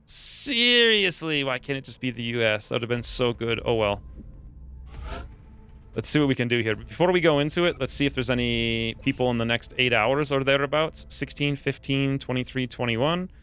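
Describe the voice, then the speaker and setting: Male streamer with a crisp, clear voice: casual, self-mocking commentary while he plays. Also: mid-range voice, brisk, fairly bright tone. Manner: joking, self-mocking, thinks aloud. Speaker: gaming streamer.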